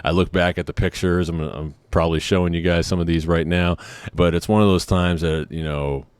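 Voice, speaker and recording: A man's voice: low-pitched, steady tone, fairly quick, clean tone, no echo. A man in his thirties hosting a podcast, telling a personal story in a candid, joking way with many casual asides. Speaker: podcast host.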